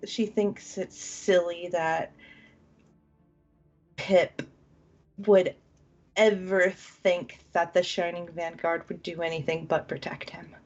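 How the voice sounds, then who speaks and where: A woman slowly and hesitantly describing her character in a tabletop game, her voice gravelly and husky. She often breaks into laughter. The recording is muffled, with faint music underneath. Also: on the low side. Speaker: tabletop role-player.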